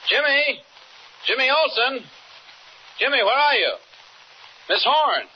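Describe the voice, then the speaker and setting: A man's voice: extremely high pitch, huge pitch swings, measured pace, exaggerated voice. An actor playing a heroic, commanding man calling out urgently in a 1940s radio drama, on an old recording. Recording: muffled old radio with crowd noise.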